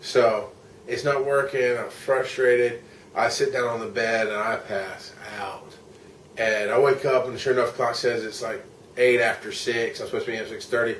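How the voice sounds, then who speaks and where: A man's voice: medium pitch, fairly even intonation, normal speed, fairly bright tone, slight background noise. A tired middle-aged man from the United States recounting his day in a candid, rambling travel vlog, swearing when frustrated. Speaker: vlogger and podcaster. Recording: roomy echo, mic at a distance, faint ambience.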